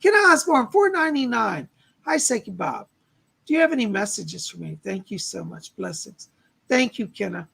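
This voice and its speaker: A male psychic medium on a live stream, hoarse from losing his voice, relaying spirit messages and thanking donors by name. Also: sits high, very animated, moderate pace. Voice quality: gravelly, husky voice. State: losing his voice, clearing his throat.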